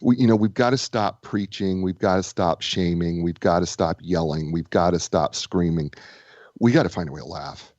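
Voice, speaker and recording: A man speaking as a guest author and business coach, telling stories in a lively way with frequent restarts. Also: low voice, normal speed, dry recording, muffled recording. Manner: animated storyteller, stammering restarts. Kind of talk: casual interview chat.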